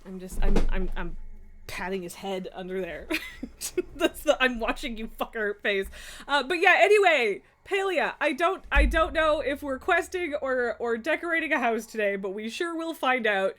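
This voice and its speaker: A woman's voice: high-pitched, expressive, normal speed, fairly bright tone. A woman live streamer chatting casually from her home streaming room, laughing often, swearing and scolding her cats.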